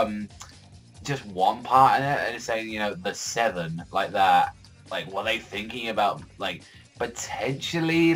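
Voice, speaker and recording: A man's voice: mid-range voice, rough recording. A man reviewing a manga chapter in a casual vlog, rambling with constant fillers and frequent swearing.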